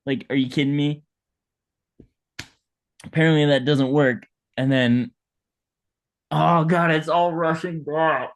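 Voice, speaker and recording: A man's voice: fairly high pitch, fairly even intonation, slow, pauses often. A man playing a self-pitying dead hot dog vendor who rambles melodramatically in an improvised comedy bit. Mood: melodramatic. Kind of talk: improvised comedy role-play.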